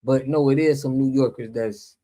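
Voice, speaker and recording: A man's voice: medium pitch, steady tone, moderate pace, dark tone. Laid-back man hosting commentary. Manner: laid-back, conversational, addresses viewers directly. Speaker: reaction channel host. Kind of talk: casual commentary.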